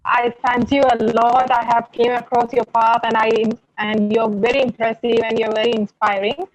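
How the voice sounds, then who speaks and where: A woman with a fairly high voice asks her question earnestly, stumbling over her grammar. Her call audio is dull and dry, without room echo. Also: little pitch movement. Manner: earnest, halting non-native grammar. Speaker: student asking a question. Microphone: video call.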